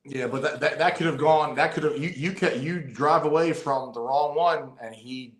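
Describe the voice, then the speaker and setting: A man's voice: a little high, moderate pace. A man who is a police officer, talking in casual podcast chat and often repeating phrases as he builds a point. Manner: frequent agreeing interjections, repeats phrases. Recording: echoey room.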